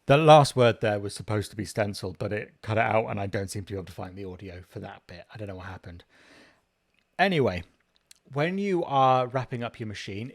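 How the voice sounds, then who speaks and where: A man, a tattoo artist, talking casually through his work, swearing often and joking in a dry, offhand way. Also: lowish voice. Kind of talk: casual vlog narration.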